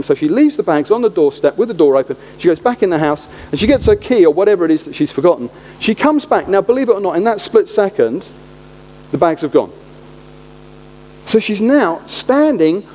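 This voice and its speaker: A high-pitched British man in middle age preaches with a chatty, storytelling flow. His pitch leaps all over the place. The sound carries a long reverb and is dull and lo-fi. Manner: animated, chatty anecdote telling. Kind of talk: sermon storytelling.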